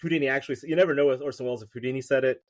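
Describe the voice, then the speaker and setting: A man's voice: mid-range voice, steady tone, very fast. A man, a writer guest on a podcast, telling a story in casual chat, rambling with fillers and restarts.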